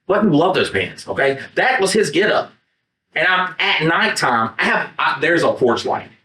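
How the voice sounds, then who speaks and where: This podcast co-host's voice is a little high, bright and forceful, at normal speed, as he rambles through a story in casual chat. Animated and profane, he acts out his own lines. He's captured from across an echoey room by a distant mic, not the podcast mics.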